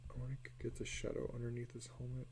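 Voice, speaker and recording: A man's voice: mid-range voice, completely flat delivery, fast talker, creaky, a little mellow, a little hiss or hum. A man chatting casually and muttering self-deprecating remarks while he draws on a live stream. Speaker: artist streaming a live drawing session.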